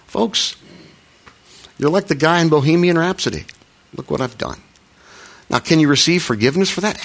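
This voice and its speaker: A man's voice: mid-range voice, fairly bright tone. A middle-aged man preaching a sermon as a pastor, talking in a conversational, self-deprecating way with frequent restarts and little acted quotes.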